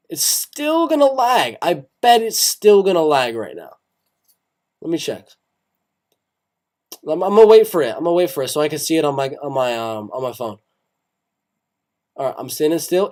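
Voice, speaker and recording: A man's voice: fairly high pitch, darkish tone. A young man hosting a casual live stream on fights, reading chat aloud and rambling with many repeated phrases. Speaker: MMA live stream host.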